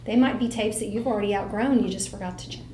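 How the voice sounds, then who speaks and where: A middle-aged woman giving a motivational talk to a live audience, telling stories with lively acted-out quotes. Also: medium pitch, fast, reverberant, a little hiss or hum. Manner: animated storyteller, acts out voices in quotes. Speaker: speaker.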